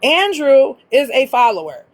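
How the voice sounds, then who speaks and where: A woman's voice: high-pitched, sing-song, unhurried, low-quality recording. A woman hosting a casual livestream, ranting bluntly with heavy profanity. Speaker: livestream host.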